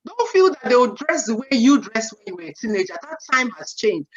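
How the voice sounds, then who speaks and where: Woman in her forties, a seminar speaker on parenting, lively and chatty, acts out quotes, high voice. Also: a little fast. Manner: animated, acts out parent and child quotes, frequent "you know". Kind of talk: parenting talk. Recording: dull lo-fi sound.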